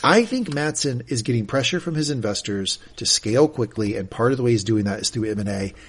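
Podcast co-host, male, husky voice, chatty recap that slips into quoted dialogue. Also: mid-range voice, fairly quick. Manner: animated, reenacts quotes. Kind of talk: casual recap chat.

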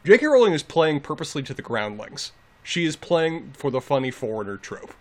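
A man's voice: on the high side, very animated, a little fast. A man co-hosting a podcast in casual chat, articulate and emphatic. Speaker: podcast co-host.

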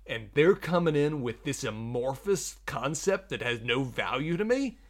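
A man's voice: mid-range voice, very animated, measured pace. Analytical man discussing a TV show. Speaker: podcast co-host. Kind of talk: casual TV recap chat.

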